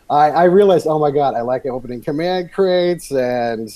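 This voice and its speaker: A man's voice: a little high, moderate pace, no echo, lo-fi sound. Rambling man on a gaming podcast. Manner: rambling, meandering. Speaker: podcast co-host. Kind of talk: casual chat.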